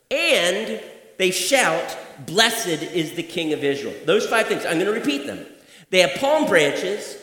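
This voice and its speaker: Lively high-pitched preacher in an echoey hall. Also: male voice. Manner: preaching with wide swings from soft to shouted. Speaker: pastor. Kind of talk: sermon.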